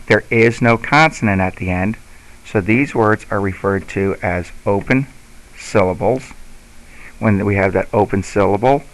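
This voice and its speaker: In a rough recording, a man with a low, gravelly yet fairly bright voice teaches an instructional lesson. He explains slowly and patiently, step by step, like a teacher guiding parents and students.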